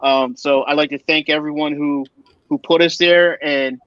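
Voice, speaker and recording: A man's voice: a little high, fairly even intonation, normal speed, clean tone, dry recording. A man co-hosting a podcast, rambling in casual chat with lots of fillers. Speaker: podcast co-host. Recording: dull, dry sound.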